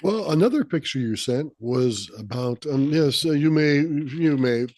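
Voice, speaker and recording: A man's voice: fairly high pitch, expressive, a little slow, a little mellow, no room sound, clean studio sound. A man interviewing a guest, giving short encouraging reactions and playful prompts. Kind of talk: casual interview chat.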